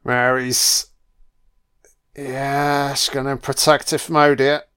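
Brief: a male film commentator, casual and profane, mid-pitched. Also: flat delivery, slow pace, pauses often, sharp tone, smooth. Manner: blunt and profane, with frequent swearing.

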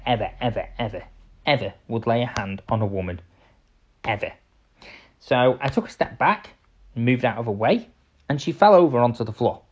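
A man in his twenties hosting his own podcast, talking earnestly and directly, swinging between quiet asides and emphatic bursts. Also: mid-range voice. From England. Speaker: podcast host. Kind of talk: solo podcast talk. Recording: slightly dull lo-fi sound.

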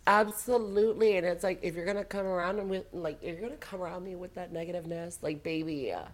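A woman chatting casually as a podcast guest, telling animated, dramatic stories with sassy asides. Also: fairly low pitch, quick pace. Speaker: guest storyteller. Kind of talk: casual chat.

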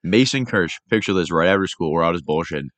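A man's voice: low voice, quick pace, fairly bright tone, no echo. A young man guesting on a podcast, chatting in a laid-back, slangy way with swearing. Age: young adult. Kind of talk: casual chat.

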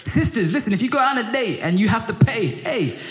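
A middle-aged man preaching a sermon in a lively, passionate way. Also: fairly quick. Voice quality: high for a man, lively and passionate, rising when pressed. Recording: echoey room with faint music.

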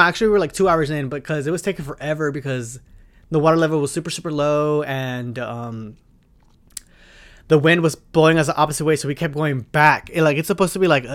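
A man's voice: on the high side, a bit bright. Profane, rambling young man telling a story. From Arizona. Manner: profane, rambling, dramatic retelling. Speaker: podcast host. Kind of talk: casual storytelling.

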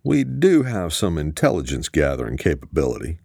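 A man voicing a stern, guarded male colonel who speaks in a calm, measured way in an audiobook. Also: rumbling low, creaky, husky, no echo, studio quality, full character voice.

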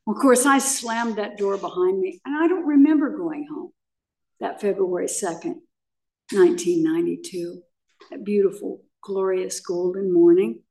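A woman's voice: medium pitch, normal speed, darkish tone, far from the mic. An older woman sharing her personal recovery story at a meeting, telling it dramatically with vivid repetition. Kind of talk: personal testimony.

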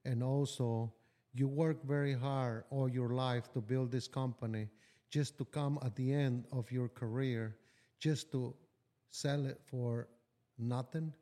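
A man's voice: mid-range voice, steady tone, takes it slowly, warm tone. A man talking as a business-owner guest on a podcast, blunt and profane, telling stories with animation. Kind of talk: casual podcast conversation.

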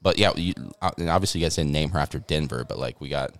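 A man's voice: very deep voice, fast talker, no echo. A young man, a new father, co-hosting a podcast in rambling, joking casual chat and swearing freely.

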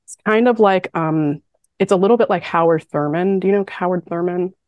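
A woman with a very low voice talks casually about a poem, thinking aloud with lots of "like" and "um." She sounds close and dry on the mic. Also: fairly quick, no echo, lo-fi sound. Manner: chatty, thinks aloud with many fillers. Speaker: podcast co-host. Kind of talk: casual chat about poetry.

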